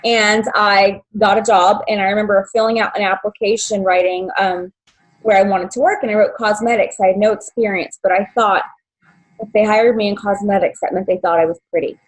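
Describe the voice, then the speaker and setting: Husky woman sharing a hard story. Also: medium pitch, fairly even intonation, rough recording. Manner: halting, many fillers and restarts, emotional. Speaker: guest. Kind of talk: personal story in podcast interview.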